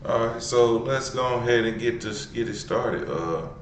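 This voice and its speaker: A man hosting a show, introducing a story in a relaxed, halting way. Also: medium pitch. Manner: relaxed, halting, many fillers. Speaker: show host. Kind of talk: casual stream intro. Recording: roomy, distant mic with faint noise.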